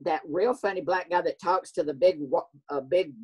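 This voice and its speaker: Husky-voiced Southern man, chatty storyteller. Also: fairly high pitch, moderate pace. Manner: chatty, animated storyteller who acts out quoted voices. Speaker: guest. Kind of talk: casual chat.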